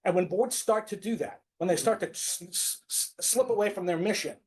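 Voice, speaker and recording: High-voiced insistent man, stammering. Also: a little fast, darkish tone, husky. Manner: insistent, stammering restarts, apologetic when challenged. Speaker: town official at a public meeting. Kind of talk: heated public meeting debate.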